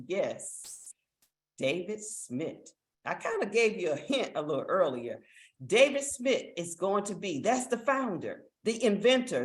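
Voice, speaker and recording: A woman hosting a live online business opportunity meeting, giving an enthusiastic sales pitch that urges listeners to act, heard over a video call. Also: a bit bright, roomy sound. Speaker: network marketing meeting host.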